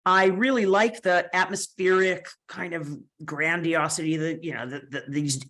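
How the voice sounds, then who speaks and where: A woman with a slightly low voice leads a screen-share tutorial on editing photos. She explains each step in a chatty, casual way, with fillers and quick asides as she works. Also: steady tone, fairly bright tone.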